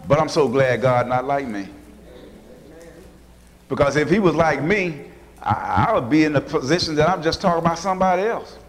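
A man's voice: on the high side, expressive, normal speed, pauses often. A man preaching a sermon, telling Bible stories in a folksy way and acting out the people in them with different voices. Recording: long hall reverb.

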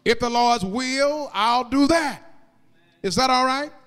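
A man preaching a sermon in a church, moving into sung, rising cadences and shouted peaks, and drawing out key words slowly. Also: extremely high pitch, clear, resonant tone. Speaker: pastor. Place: church sanctuary. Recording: long reverb of a large hall.

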